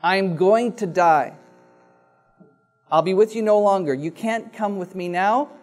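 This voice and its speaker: A man preaching a sermon, reading scripture and then expounding it slowly and deliberately, repeating key phrases. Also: high voice. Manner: slow, deliberate preaching with dramatic pauses and repetition.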